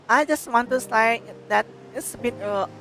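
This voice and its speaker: A woman's voice: on the high side, a little slow, a bit bright, a little hiss or hum. A woman reading the lines of an anxious, earnest young woman in a game.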